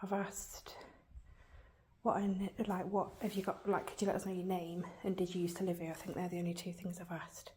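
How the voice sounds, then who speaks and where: A woman's voice: fairly low pitch, little pitch movement, brisk, a little hiss or hum. Woman whispering questions to spirits. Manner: calls out to spirits in soft, half-whispered questions. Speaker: paranormal investigator and host. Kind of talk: casual ghost-hunting chat with spoken voice-over. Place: abandoned care home, indoors.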